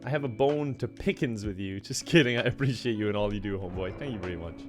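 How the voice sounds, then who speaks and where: Music runs behind a young male streamer who chats casually during his game, reads donations and laughs frequently. He speaks fast in a lowish voice.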